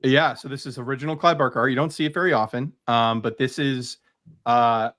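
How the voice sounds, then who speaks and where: A man's voice: medium pitch, fairly even intonation, fairly quick, a bit bright. A man chatting casually and eagerly about his collection as a guest creator, rambling with lots of fillers. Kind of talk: casual video chat.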